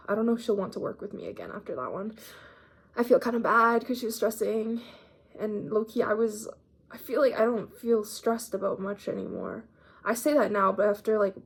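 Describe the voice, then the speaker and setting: A woman's voice: mid-range voice, vocal fry, breathy edge. An eighteen-year-old woman talking through her day in a casual, slangy, rambling vlog, a little sick with a cough. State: mildly sick, coughing up phlegm. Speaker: vlogger.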